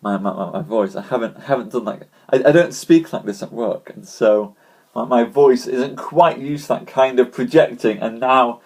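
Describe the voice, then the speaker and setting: A man with a scratchy, hoarse throat, chatting casually with live-stream viewers before telling a story, greeting them by name and calling them ladies and gents. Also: mid-range voice, moderate pace, darkish tone.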